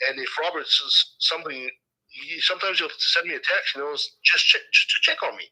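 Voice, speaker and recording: A man whose first language is French, chatting on a podcast with animated, stumbling restarts. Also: a little high, brisk, slightly rough, poor audio. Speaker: podcast host. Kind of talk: casual podcast chat. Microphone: studio microphone.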